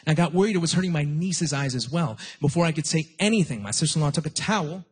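A young male comedian working a club stage in a casual, self-deprecating style. His voice sits a little higher than most men's. He speaks through a handheld mic, with punchy, conversational timing. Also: expressive, fast, husky. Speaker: stand-up comedian. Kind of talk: stand-up comedy set.

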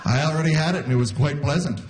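A man's voice: on the high side, fast, very noisy. A man in his forties performing a self-deprecating stand-up set live, acting out voices in quotes. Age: 40s. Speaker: stand-up comedian. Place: live comedy venue before an audience. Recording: live audience laughter behind.

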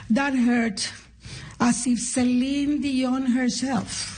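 A Nicaraguan woman with a Spanish accent performing a lively stand-up comedy set on stage, playful and punchy. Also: high voice, takes it slowly, breathy edge. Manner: animated, playful, chants and shouts punchlines. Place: comedy stage before a live audience.

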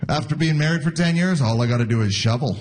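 A man's voice: fairly high pitch, quick pace. A man in his forties doing a stand-up comedy set, acting out quoted voices and laughing at his own jokes. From Canada. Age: 40s. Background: audience laughter.

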